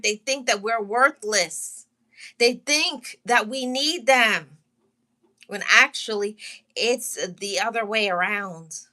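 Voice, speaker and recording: A woman sharing a painful personal testimony with her viewers, holding back tears, speaking heartfelt and repetitive with pauses and restarts. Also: medium pitch, bright, forceful tone. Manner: heartfelt, repetitive, pausing and restarting, greets live chat. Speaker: channel host sharing her story.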